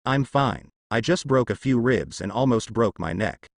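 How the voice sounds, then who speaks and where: A man's voice: mid-range voice, lively intonation, moderate pace, creaky, dry recording, studio quality. A man voicing a stubborn, wounded young pirate archer who brushes off his injuries.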